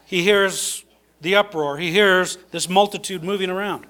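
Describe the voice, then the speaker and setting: A man's voice: sits high, steady tone, moderate pace, a bit bright, clear, resonant tone. A man preaching a sermon in a conversational way, with many fillers and restarts.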